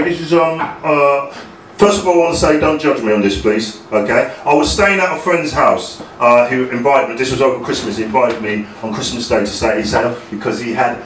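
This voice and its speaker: A young man from England with a South London accent doing a hesitant, deadpan stand-up set, full of ums, and talking back to hecklers. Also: fairly high pitch, a little hiss or hum. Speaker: stand-up comedian. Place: comedy club. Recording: echoey club from far off. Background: crowd laughter.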